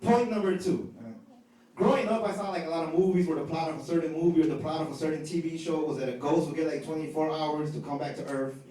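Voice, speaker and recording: High-voiced man doing stand-up. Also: fairly even intonation, fast talker, recorded from a distance, slight background noise. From Chicago. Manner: casual, conversational, keeps asking "right?". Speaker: stand-up comedian. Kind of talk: stand-up comedy set. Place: comedy club stage. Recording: roomy live club sound from off mic with loud crowd laughter.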